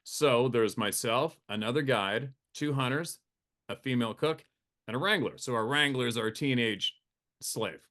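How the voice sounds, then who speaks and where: A man's voice: mid-range voice, moderate pace. A man working as a hunting guide tells a rowdy camp story in casual conversation, swearing freely and laughing often. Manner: profane, animated, laughing often.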